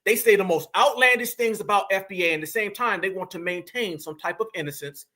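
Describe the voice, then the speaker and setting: This man hosts reaction commentary for a channel, speaking fast in a high-pitched, bright, pushed voice. He's animated throughout, heckling and addressing "y'all."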